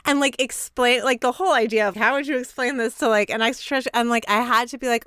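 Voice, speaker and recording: A woman in her thirties hosting an interview, chatty and animated, saying "like" a lot. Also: fairly high pitch, fast, few pauses, clear, resonant tone, no echo, studio quality. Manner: chatty, heavy use of "like", animated storytelling. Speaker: podcast host. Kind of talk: casual interview chat.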